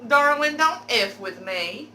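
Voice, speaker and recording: A woman's voice: on the high side, animated, slow, sharp tone, a little hiss or hum, exaggerated voice. A woman voicing a drunk, sweet-talking male strip club customer who keeps calling her baby and darling. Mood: doubtful.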